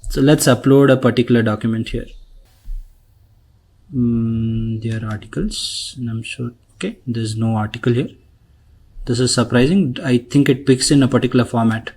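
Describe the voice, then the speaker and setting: A man leading a screen-share software tutorial, talking conversationally and tagging his sentences with "right?" and "okay?". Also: mid-range voice, normal speed, slightly rough. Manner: conversational, frequent "right?" tags and fillers. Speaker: instructor. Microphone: recording mic.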